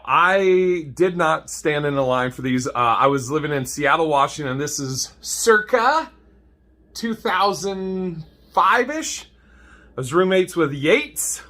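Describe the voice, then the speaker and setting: A man's voice: on the high side, sharp tone. A man telling comedic stories to camera, swearing freely and laughing at his own jokes.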